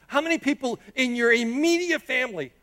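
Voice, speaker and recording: High-voiced man preaching a sermon. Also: expressive, fairly quick. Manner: emphatic preaching, rising and dropping in pitch and loudness. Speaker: pastor.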